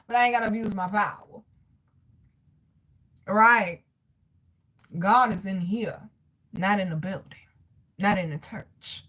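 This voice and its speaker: A woman's voice: slow, pauses often. A woman giving a casual spiritual tarot reading, reading scripture aloud in an emphatic, preachy way, blunt and profane, talking straight to her viewers. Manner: emphatic and preachy, swings between loud exclamations and low asides. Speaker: tarot reader.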